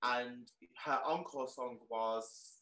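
A young man tells a story as an interview guest in a bright, ringing voice, excitable and leaning on "like" as he goes. The sound carries a roomy echo. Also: medium pitch, slow pace. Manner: excitable, peppered with "like", animated retelling. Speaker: guest, clothing shop owner.

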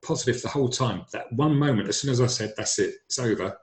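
A man's voice: medium pitch, quick pace. Earnest man in an echoey room. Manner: earnest and emphatic, repeats his words. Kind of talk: personal storytelling.

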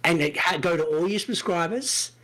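A man's voice: high voice, lively intonation, moderate pace, a bit bright. A young man co-hosting a casual podcast, blunt and joking, swearing freely. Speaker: podcast co-host.

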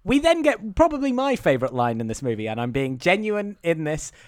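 A man's voice: on the high side, sing-song, brisk, no room sound, clean studio sound. A man, co-host of a podcast, casually recapping a film with lots of ums and restarts. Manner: rambling recap with many fillers.

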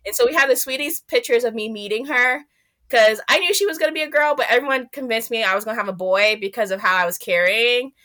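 A woman guest in an interview, telling a personal story in an animated way and acting out what she said back then. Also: fairly high pitch, fast talker. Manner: animated, reenacts her own past remarks in a raised voice.

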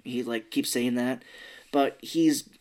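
A man co-hosting a podcast, casually retelling a film's scenes and doing high put-on voices for the characters. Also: fairly even intonation, slow pace, a little mellow. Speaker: podcast co-host. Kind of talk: casual movie recap chat.

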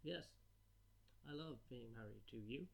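A man joking around on a comedy podcast. His humor is goofy and crude, and he breaks into sudden loud bursts between easygoing remarks. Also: medium pitch, a little slow, vocal fry. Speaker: podcast co-host. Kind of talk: casual comedic chat.

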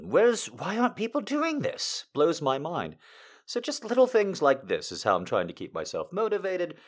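An excitable man rambles through a casual update to his followers, his mid-range voice jumping up and down in pitch. He swears freely and often restarts his sentences, bursting with enthusiasm. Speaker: content creator.

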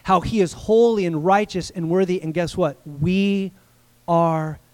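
Male pastor, high voice, lively casual sermon with bursts of shouting. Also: a little slow. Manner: energetic, conversational preaching with rising shouts.

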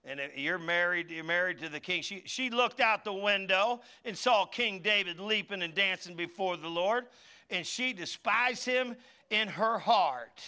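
A middle-aged male pastor delivering an animated sermon, his voice high and bright. He slips into character voices for the people in his stories and calls on the congregation to say lines back to him. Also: a little slow, smooth. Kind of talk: lively sermon with acted-out quotes.

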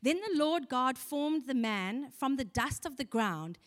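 Woman preacher with a slightly high voice, earnest and chatty with the congregation, recorded in a hall with a long echo. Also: animated, unhurried. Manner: earnest, conversational, with rhetorical questions to the congregation. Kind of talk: sermon.

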